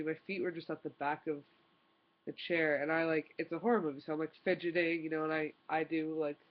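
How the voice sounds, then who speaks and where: A woman's voice: low-pitched, highs cut off. A young woman vlogger telling a story in an exasperated, rambling way, full of "like" and restarts. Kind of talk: casual storytime rant.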